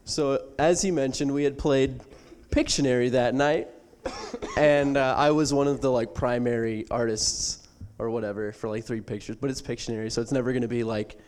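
A man's voice: mid-range voice, fairly even intonation, normal speed, a little mellow, slight background noise. A young man casually recounting a camp story. He keeps an easygoing tone and chuckles along the way. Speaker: camp attendee.

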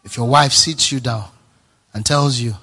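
Husky-voiced preaching man. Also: mid-range voice, unhurried. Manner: emphatic, repeats lines, swings from soft to near-shouting. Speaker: pastor. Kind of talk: sermon.

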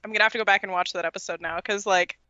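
Bright-voiced woman, dull lo-fi audio. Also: medium pitch, steady tone, rapid-fire, no room sound. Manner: chatty, self-deprecating storyteller. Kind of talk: casual podcast chat.

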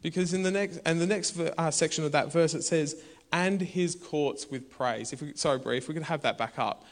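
A man's voice: a little high, fast. A man, preaching a conversational sermon in a church. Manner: conversational and animated, bursts into shouts. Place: church hall.

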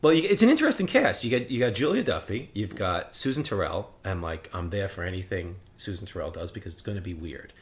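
A man's voice: deep voice, big pitch swings, quick pace, few pauses. A man co-hosting a podcast, talking casually and at length about a film, rambling and swearing freely. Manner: rambling, profane, opinionated. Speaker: podcast co-host reviewing a film.

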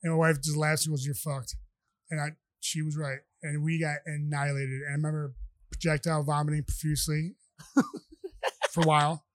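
A man's voice: fairly high pitch, little pitch movement, fairly quick, no room sound. A man, a podcast guest telling rambling stories with many restarts. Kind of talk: casual storytelling.

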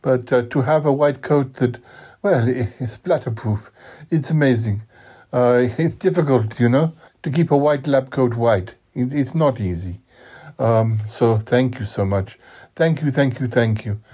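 A man's voice: medium pitch, unhurried, dark tone, husky. A man voicing a clumsy, effusive scientist who stammers his thanks. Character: clumsy, grateful male scientist.

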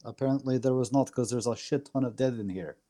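Man, tabletop player, mid-pitched, clipped broken-english character talk. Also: fast, dark tone, soft background music.

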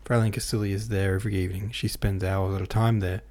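A man's voice: deep voice, flat delivery, quick pace, darkish tone. A man reading aloud, voicing a sly, phlegmatic male household servant who speaks offhandedly in a storybook.

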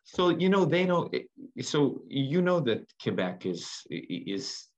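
A man from the United States co-hosting a casual chat, animated and jokey, wandering off on tangents. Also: fairly high pitch, a little slow, dull audio. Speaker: podcast co-host.

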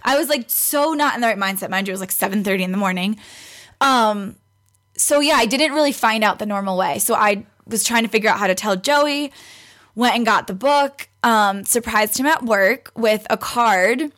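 A pregnant young woman, appearing as a guest, tells a story in casual chat, laughing often and acting out what other people said. Her voice is on the high side with a fairly bright tone, at a normal speed.

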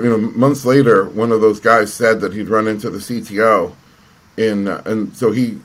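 Guy recounting an old business deal, husky voice, keeps restarting his sentences. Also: on the low side. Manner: rambling, frequent restarts and fillers. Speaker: entrepreneur guest. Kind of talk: conversational storytelling.

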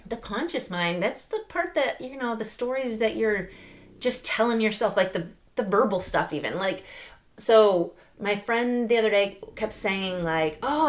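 A middle-aged woman hosting a podcast, giving an animated, chatty motivational talk with lots of fillers and laughs. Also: medium pitch. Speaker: podcast host. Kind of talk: casual motivational monologue.

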